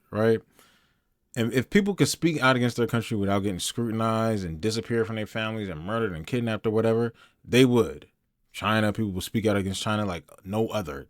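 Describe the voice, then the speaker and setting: A man talks back at a video in a blunt, slangy, sarcastic way. His voice sits at an ordinary pitch, close and dry with no room sound. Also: no room sound. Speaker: reaction commentator. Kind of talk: casual reaction commentary.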